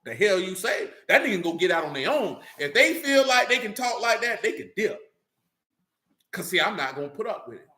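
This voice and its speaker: A man's voice: high-pitched, big pitch swings, a little fast, pushed and bright. A man talking casually and bluntly, full of profanity, who keeps asking "you know what I'm saying". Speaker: religious group speaker. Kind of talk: casual unscripted talk. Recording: roomy echo.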